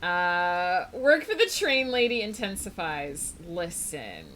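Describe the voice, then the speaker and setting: A woman's voice: lowish voice, lively intonation, unhurried, a bit bright, slight background noise. A young adult woman chatting casually on a live stream while she writes, rambling and full of fillers.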